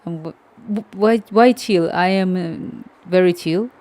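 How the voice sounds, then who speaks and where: A woman with a fairly low, mellow voice and a non-native English accent chats casually while live coding from home. She hesitates, hunts for the right words and laughs softly.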